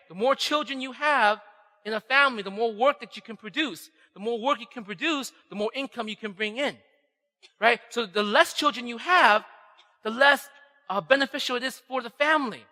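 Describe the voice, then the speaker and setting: A man's voice: very high voice, moderate pace, sharp tone. A man preaching a conversational sermon, often checking in with a "right?" and acting out quoted voices. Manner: conversational, keeps asking "right?". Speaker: pastor. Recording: long hall reverb.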